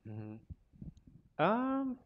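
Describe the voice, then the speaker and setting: A man's voice: high-pitched, wildly swooping pitch, extremely slow, narrow, tinny audio, a little hiss or hum. A man from South Korea, a translator speaking casually at a book event, chatty and full of fillers and restarts. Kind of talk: casual conversational talk.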